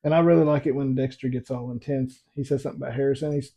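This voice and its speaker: A man's voice: medium pitch, steady tone, rapid-fire, warm tone. A man chatting casually as co-host, laid-back with dry humor. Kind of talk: casual chat.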